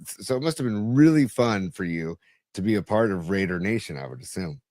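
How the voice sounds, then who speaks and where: A man's voice: on the low side, lively intonation, fairly quick, a little mellow, dry recording, studio quality. A man co-hosting a sports podcast who asks long, rambling questions full of fillers. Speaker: podcast co-host. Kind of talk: casual interview chat.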